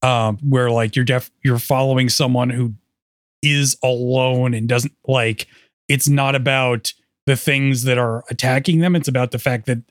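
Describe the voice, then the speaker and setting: A man's voice: mid-range voice, no room sound, studio quality. A man co-hosting a podcast in casual chat, talking hesitantly with lots of "like" fillers. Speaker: podcast co-host.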